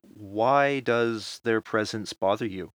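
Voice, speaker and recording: A man hosts a casual podcast interview, asking his questions in a polite, measured way. His voice is low. The sound is dry, with no room around it. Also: no room sound. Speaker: podcast host.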